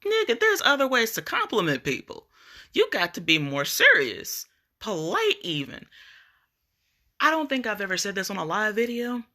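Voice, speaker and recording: A woman's voice: medium pitch, wildly swooping pitch, normal speed, bright, forceful tone. A woman vlogger ranting casually on a live video, blunt and profane as she tells her story.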